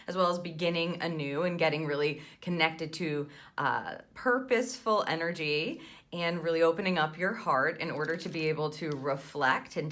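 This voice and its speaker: A woman talks through a monthly spiritual card reading in a soothing, affirming way, often checking in with "right?". Her voice sits a little low but sounds bright and clear. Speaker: tarot reader and intuitive mentor.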